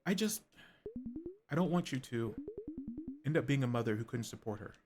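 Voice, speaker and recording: A man's voice: mid-range voice, animated, normal speed, natural voice. A man voicing a stern grandmother who pleads with and scolds her grown daughter in a video game, over game music. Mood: scolding.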